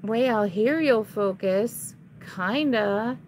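A woman's voice: on the high side, very slow, darkish tone, slight background noise. A woman chatting casually to viewers at home while showing resale items, easily frustrated, sighing and grumbling at her camera.

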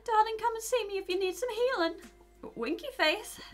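A woman's voice: very high-pitched, normal speed, soft background music, pitched above the performer's own voice. A woman doing a sugary flirty nurse. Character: flirty healing nurse character, female.

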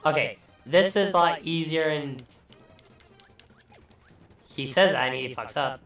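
A man's voice: fairly high pitch, a little slow, a bit bright, far from the mic. Profane rambling man, echoey and off-mic. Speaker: let's play host. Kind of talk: casual gameplay commentary. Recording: echoey room, voice off mic, faint music.

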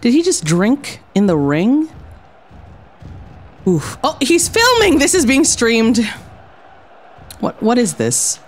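A woman's voice: on the high side, sing-song, takes it slowly, pauses often, a little mellow. A woman streaming a game, commenting casually and theatrically. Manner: playful, theatrical, lots of exclamations and laughs.

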